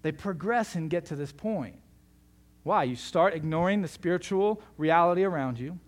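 Male pastor, sermon, conversational, joking, fairly high voice. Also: animated, normal speed.

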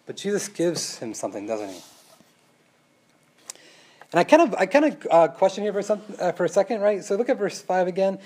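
Man, high voice, conversational sermon, rhetorical questions, loud then hushed. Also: big pitch swings, fairly quick, pauses often. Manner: casual, rhetorical questions, tag "right?"; swings between loud emphasis and quiet asides. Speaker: preacher.

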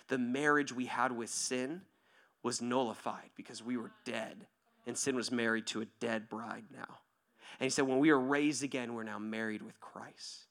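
A male pastor preaching in a lively, conversational way, often checking in with "right?" and swinging from near-shouts to hushed whispers. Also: medium pitch. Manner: animated, conversational, asks "right?" constantly. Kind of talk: sermon.

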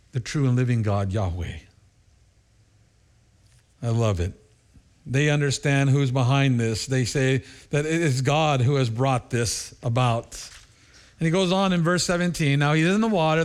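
A male pastor delivering a sermon in a lively storytelling way. His voice sits at an ordinary middle pitch but leaps up when he acts out other people, and he laughs often between lines.

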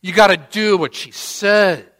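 High lively preacher guy, slow storytelling sermon, big echoey church. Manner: animated, dramatic storytelling with acted quotes. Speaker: pastor. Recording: long church-hall reverb.

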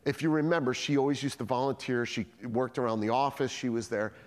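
Speaking a little fast in a mid-range voice, this man preaches in a large hall. As the pastor, he tells stories with great energy, taking on the dialogue himself.

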